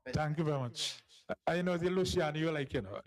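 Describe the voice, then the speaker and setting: Jovial author-host, slightly high man's voice, teasing and laughing. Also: a little fast, low-quality recording. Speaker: author and host of a book launch. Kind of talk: lively live event hosting.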